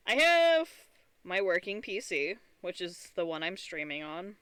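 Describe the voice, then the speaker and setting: A woman's voice: on the low side, a bit bright, clean tone, no room sound. A tired woman streamer chatting casually and rambling, with frequent restarts and giggly asides. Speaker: streamer and artist. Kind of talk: casual live-stream chat.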